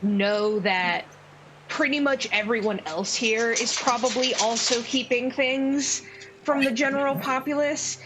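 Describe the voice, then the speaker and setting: Brief: woman game master, slow, rambling narration, faint noise behind. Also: fairly high pitch. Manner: unhurried, with many fillers and restarts.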